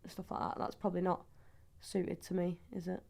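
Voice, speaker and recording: A woman's voice: fairly low pitch, little pitch movement, moderate pace, vocal fry, darkish tone. A woman in her twenties with a northern English accent, chatting casually as a footballer guest, laughing often. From England. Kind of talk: casual chat.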